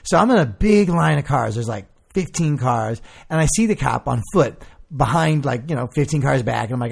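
A man's voice: medium pitch, brisk, vocal fry, husky. A man co-hosting a casual podcast chat, telling stories with energy, acting out the quoted lines and swearing freely. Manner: animated storytelling, acts out quotes, swears freely. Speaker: podcast co-host.

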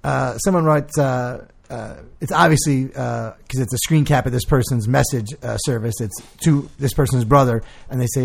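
A man's voice: mid-range voice, normal speed, creaky, few pauses. A man co-hosting a casual podcast chat, telling stories with energy, acting out the quoted lines and swearing freely. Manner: animated storytelling, acts out quotes, swears freely. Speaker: podcast co-host.

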